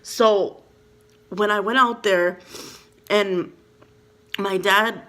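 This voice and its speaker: A woman's voice: mid-range voice, steady tone, drawn-out words, a bit bright. A young woman from Minnesota telling a personal storytime in a casual, rambling way, full of "like" and "you know," emotional and heartfelt. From Minnesota, USA. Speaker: vlogger.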